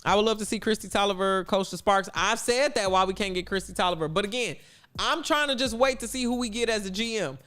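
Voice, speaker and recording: A man hosting a casual sports talk livestream, chatty and blunt with animated asides. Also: high-pitched, quick pace. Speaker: livestream host.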